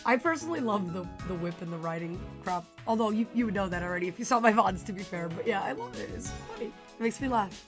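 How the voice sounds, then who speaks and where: A young woman streaming a game, chatting casually with her viewers, her voice worn and a little raspy. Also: mid-range voice, lively intonation, quick pace, music in the background. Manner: chatty, giggly, talks to chat. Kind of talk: casual live-stream chat.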